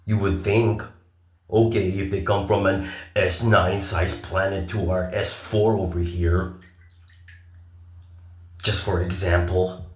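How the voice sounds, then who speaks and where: A man talking in a long, rambling monologue. He swears a lot, turns sarcastic, and stops often on filler pauses. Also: deep voice, flat delivery, echoey room, slight background noise. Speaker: vlogger.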